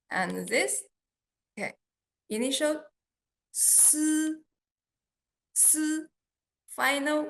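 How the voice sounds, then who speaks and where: A woman teaching beginners, speaking slowly and patiently and repeating each sound for drill. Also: medium pitch, lively intonation, creaky, fairly bright tone. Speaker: Chinese teacher. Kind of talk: beginner language lesson.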